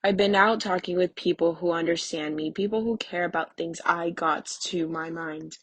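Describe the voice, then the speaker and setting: A woman reading the part of a bitter, restless young husband, talking loud and sneering. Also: on the low side, steady tone, moderate pace, husky, no room sound. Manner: angry, sneering, raised voice.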